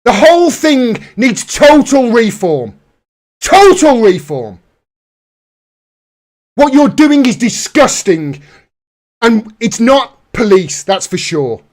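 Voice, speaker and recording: A man's voice: extremely high pitch, sing-song, takes it slowly, darkish tone. A man hosting a live political commentary stream, ranting angrily and swearing often. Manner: angry, profane, heated ranting. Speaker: political commentator, livestream host.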